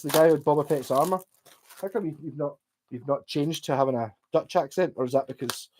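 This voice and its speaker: There's slight background noise as a Scottish streamer with a slightly high voice chats with his audience. He wanders between thoughts, swears a lot and comes across as relaxed and rough around the edges.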